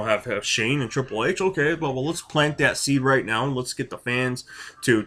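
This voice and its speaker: A man's voice: mid-range voice, a bit bright, pitched below the performer's own voice, natural voice. A man voicing a scheming wrestling booker who muses aloud in a rambling, self-satisfied way.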